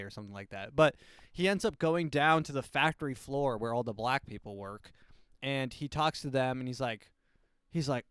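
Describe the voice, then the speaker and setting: A man's voice: medium pitch, normal speed, a bit bright, smooth, no room sound, studio quality. A man hosting a podcast, rambling through a casual book review and breaking into silly voices for quotes. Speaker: podcast host.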